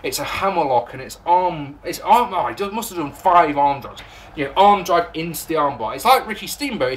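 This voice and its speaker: A man with an English accent reviews old wrestling matches in a loose, sarcastic ramble, swearing freely. His fairly high voice swings widely in pitch. A faint hiss of background noise sits under the recording. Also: a bit bright. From England. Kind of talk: casual recap and commentary.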